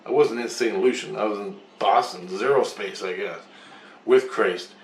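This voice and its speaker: A man's voice: lowish voice, moderate pace, distant mic, slight background noise. A man telling a long rambling story in casual chat, swearing often and acting out both sides of the talk. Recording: roomy echo.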